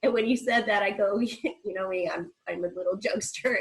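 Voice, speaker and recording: A woman's voice: mid-range voice, a little fast, poor audio. A woman guest speaker on a video call, short of breath and nasal from congestion, telling her story candidly with quoted dialogue. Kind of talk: personal account on a virtual meeting.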